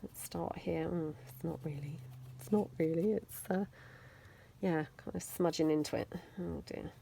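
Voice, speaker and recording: A woman's voice: low-pitched, normal speed, vocal fry, warm tone, a little hiss or hum. A British woman hosting a casual crafting video, chatty and self-deprecating as she thinks aloud while she works. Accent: British English. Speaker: mixed media craft video host. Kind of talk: casual crafting tutorial, talking while working.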